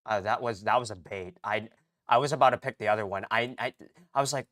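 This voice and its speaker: A man's voice: fairly low pitch, quick pace, fairly bright tone, no room sound, studio quality. A young man streaming his Japanese practice, chatting casually to himself, stammering and rambling as he second-guesses himself. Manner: stammering, rambling, self-deprecating. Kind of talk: casual self-talk while practicing.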